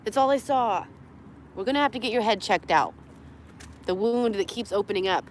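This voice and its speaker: A woman's voice: mid-range voice, animated, moderate pace, slight background noise. A tired young woman rambling through a livestream from her parked car, joking crudely, laughing often and cooing at her dogs. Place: parked car in a parking lot.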